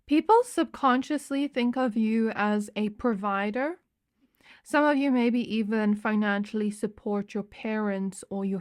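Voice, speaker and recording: A young adult woman giving a pick-a-card tarot reading, chatty and meandering, with fillers and restarts. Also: medium pitch. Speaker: tarot reader.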